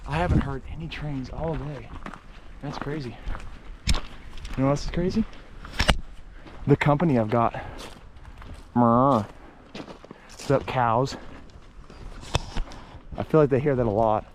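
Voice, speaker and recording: A man vlogging casually outdoors near railroad tracks, rambling with many fillers and sometimes dropping to a hush. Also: medium pitch, moderate pace, pauses often, noisy background. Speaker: urban explorer vlogger. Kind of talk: casual vlog narration.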